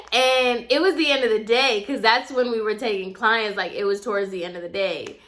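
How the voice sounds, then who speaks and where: A woman's voice: medium pitch, normal speed, few pauses, slight background noise. A young woman chatting casually to her viewers, telling a story and acting out what people said. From Puerto Rican heritage. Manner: chatty, animated, addresses viewers as y'all, acts out quotes. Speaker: vlogger.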